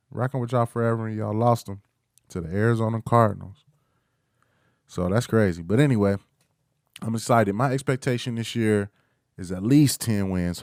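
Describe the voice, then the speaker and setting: A man's voice: lowish voice, darkish tone, dry recording, studio quality. A young man hosting a casual solo sports talk, hyped and playful, trash-talking rivals and breaking into chants. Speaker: podcast host.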